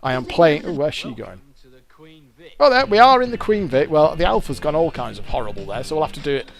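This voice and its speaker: A man's voice: fairly high pitch, sing-song, a little fast. A British man giving casual, rambling commentary while he plays a fruit machine game and explains its features.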